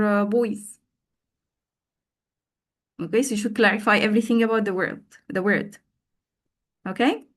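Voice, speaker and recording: Woman, mid-pitched, slow and patient teacher trainer on a video call, repeats words for drills. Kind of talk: online teacher training session.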